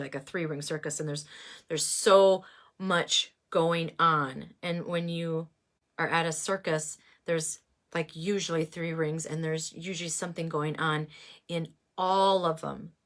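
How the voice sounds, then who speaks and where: A woman giving a casual oracle card reading, musing and halting with many fillers. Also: sits low.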